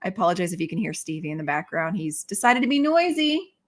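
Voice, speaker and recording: A woman hosting a casual live stream, chatting brightly and reacting to viewer comments. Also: on the low side, very animated, fast. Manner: bubbly, reads viewer comments aloud. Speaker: livestream host.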